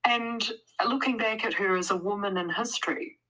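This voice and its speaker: A woman's voice: mid-range voice, moderate pace, sharp tone, poor audio. A woman guest author talking in a casual interview, thoughtful and full of fillers and restarts.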